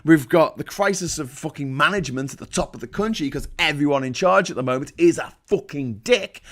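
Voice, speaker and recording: Man, British accent, high-pitched, profane, sarcastic political rant, livestream host. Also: fairly bright tone. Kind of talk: ranting political commentary.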